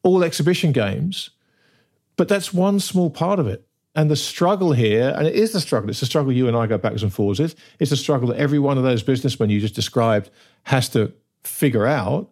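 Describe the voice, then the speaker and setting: A man's voice: mid-range voice, animated, brisk, a little mellow. A man co-hosting a casual talk show, making his points with emphasis and asking "right?" often. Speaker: podcast co-host. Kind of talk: casual conversation.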